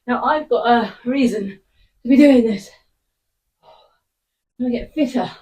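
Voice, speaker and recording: A woman's voice: a little high, a little slow, warm tone. A woman coaching a workout follow-along, out of breath, giving short encouraging cues between efforts. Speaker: fitness instructor. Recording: voice picked up from a distance.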